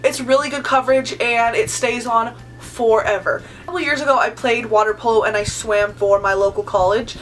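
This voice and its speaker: A woman's voice: on the high side, steady tone, moderate pace, hardly any pauses, faint music behind, low-quality recording. A woman in her twenties from California, answering viewer questions in a casual vlog, chatty and full of "like" and "um". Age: 20s. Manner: chatty, sprinkles in "like" and "um". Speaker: beauty vlogger.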